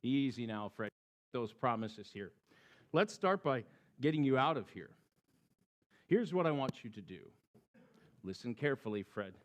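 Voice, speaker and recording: A calm, patient God, as a preacher puts him on, speaking low and quiet, soft and unhurried. The voice stays gentle and steady throughout, a sermon storytelling voice. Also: male voice, heavily acted.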